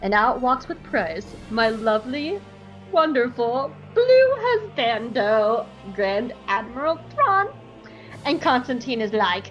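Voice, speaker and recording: A bubbly young woman with a fairly high voice, chatting animatedly through a casual episode recap for a podcast. Her talk is quick and loose, peppered with likes and asides. The recording is dull and lo-fi, with faint music underneath. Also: sing-song, a bit bright. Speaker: podcast host.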